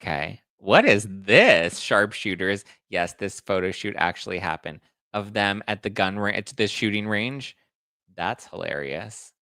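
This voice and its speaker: Gossipy guy hosting a celeb chat show, lowish voice, dry close sound. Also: animated, unhurried, sharp tone, dry recording. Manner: chatty, gossipy, talks to viewers while reacting to photos. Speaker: host.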